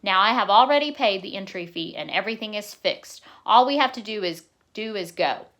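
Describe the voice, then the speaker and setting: A woman reading aloud, giving voice to a kindly old grandfather who coaxes warmly and bursts into excited near-shouts. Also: medium pitch, a little fast, natural voice. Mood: earnest.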